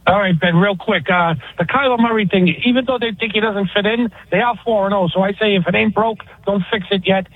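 High husky male caller on phone. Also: no echo. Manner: quick, opinionated. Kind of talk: sports radio call. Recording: tinny dry phone line.

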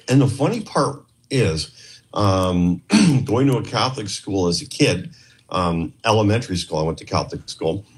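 Low-pitched man from Canada, rambling guest who quotes others as he tells a story. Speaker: podcast guest, former investigator. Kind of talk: casual storytelling interview.

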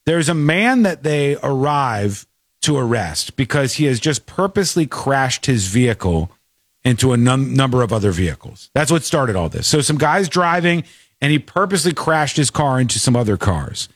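A man's voice: medium pitch, sing-song, moderate pace, no echo. Man, livestream host, reaction commentary, blunt, opinionated, dry voice. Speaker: streamer host.

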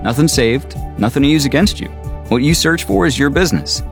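A man's voice: mid-range voice, lively intonation, brisk, soft background music. Man giving a punchy, pointed ad read. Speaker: ad announcer. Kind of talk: scripted ad read.

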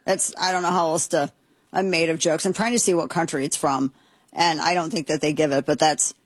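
A woman's voice: sits low, fairly even intonation, fairly quick, breathy edge, dry recording. A woman hosting a talk radio show, reacting with incredulous, joking exclamations. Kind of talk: casual talk radio commentary.

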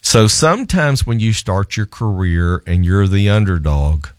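A male lawyer telling a story in an animated, self-amused way, laughing often as he talks. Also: fairly low pitch, unhurried, dry recording, studio quality.

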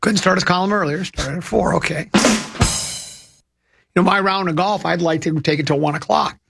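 Man, radio host, high voice, gravelly, rambling anecdotal chat. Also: normal speed, over loud music. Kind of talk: casual radio storytelling.

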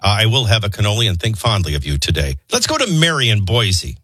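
A male morning radio host with a bright, forward tone and a slightly husky edge. He reads news headlines and banters with callers, tossing in joking asides. The studio sound is dry and close. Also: lowish voice, very animated, fast talker, no room sound. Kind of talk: news reading and call-in chat. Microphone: studio microphone.

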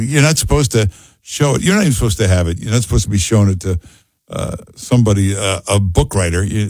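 A man's voice: on the low side, darkish tone, no room sound. A man hosting a call-in radio show, giving blunt, sarcastic commentary and taking callers. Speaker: radio talk show host.

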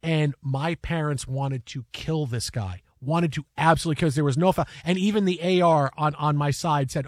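A male sports talk co-host with a high-pitched voice tells stories in a casual, animated way, acting out what people said. The sound is dry and close, with no room echo. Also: fast talker, few pauses. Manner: animated storytelling, acts out quotes.

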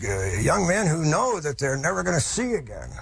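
A man's voice: a little high, very animated, moderate pace, creaky, fairly bright tone, a little hiss or hum. A man telling a historical story in a folksy, vivid lecturing manner, with asides to his listeners.

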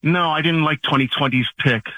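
A man's voice: a little high, brisk, bright, forceful tone, breathy edge, no room sound, rough recording. A man calling in to a radio show who argues back defensively and combatively. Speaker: caller. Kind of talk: heated call-in argument.

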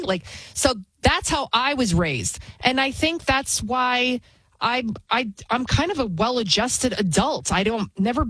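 A woman's voice: a little high, animated, a little slow, fairly bright tone, husky, no room sound, poor audio. Blunt, rambling woman, dry close sound. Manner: blunt, opinionated, rambling with restarts. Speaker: TV news host. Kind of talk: casual spoken monologue.

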